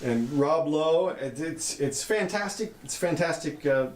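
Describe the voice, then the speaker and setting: A man co-hosting a casual political chat show, animated and sarcastic, talking in quick bursts. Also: fairly high pitch. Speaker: co-host. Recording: roomy echo.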